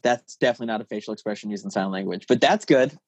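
A man hosting a casual podcast chat, joking and animated, laughing often. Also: lowish voice, rapid-fire, no echo. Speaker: podcast host. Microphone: podcast mic.

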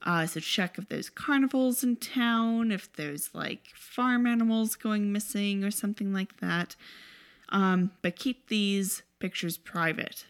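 A woman's voice: mid-range voice, a little slow, smooth. Wry woman recapping a movie. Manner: wry, chatty, sarcastic.

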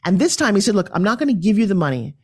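A woman from New York, a podcast guest, telling her story in an animated and forthright way. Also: mid-range voice, racing, breathy edge.

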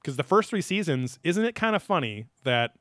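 A man's voice: fairly high pitch, sing-song, normal speed, a bit bright, no echo. Young guy podcasting, chatty and jokey, lots of ums, dead dry mic sound. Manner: loose, joking, frequent fillers and laughs. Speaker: podcast co-host. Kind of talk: casual chat recapping a TV episode.

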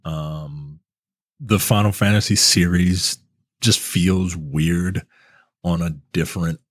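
A man in his thirties with a low, husky voice, recorded dry and close. He co-hosts a casual podcast and talks in a hesitant, wry way, full of fillers and restarts. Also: steady tone, slow, a bit bright, dry recording. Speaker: podcast co-host. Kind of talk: casual chat.

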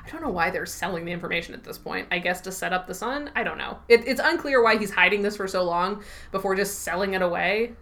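A woman co-hosting a podcast, recapping a TV episode in casual chat, animated, laughing often and swearing easily. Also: medium pitch, quick pace.

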